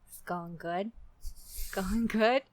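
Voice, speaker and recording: A woman voicing a brash, blunt New Jersey girl with a Jersey accent, talking low and clipped. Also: slow, crowd noise, lightly acted. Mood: flat.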